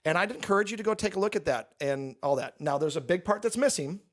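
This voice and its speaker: Candid pastor with a higher voice. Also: male voice, lively intonation, fast talker. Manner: candid, joking, explains at length. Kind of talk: casual church Q&A talk.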